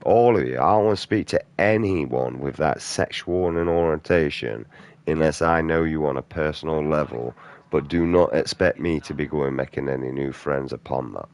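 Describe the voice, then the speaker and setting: Man, streamer, deep gravelly voice, angry swearing rant, dry close sound. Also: moderate pace, a little mellow, dry recording. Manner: aggressive, profane, blunt slang. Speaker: gaming streamer. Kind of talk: angry off-topic rant during gameplay.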